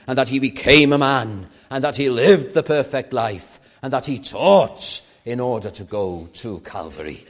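A man's voice: medium pitch, lively intonation, measured pace, few pauses, a bit bright. A man preaching a sermon at an evening church meeting, earnest and rising to fervent emphasis.

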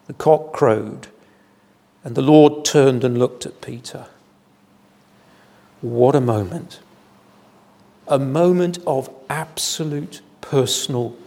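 A man preaching an evening sermon in a church, measured and deliberate, with solemn emphasis. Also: medium pitch, darkish tone. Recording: long hall reverb.

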